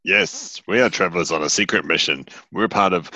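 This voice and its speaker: A man's voice: deep voice, brisk, pushed and bright, no room sound, dull audio. A man playing a tabletop game in character, rambling and playful. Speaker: player.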